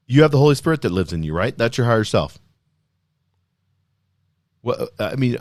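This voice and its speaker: A man hosting a podcast, speaking in an energetic, emphatic motivational style full of rhetorical questions. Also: mid-range voice, dry recording, studio quality. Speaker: podcast host. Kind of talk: motivational solo talk.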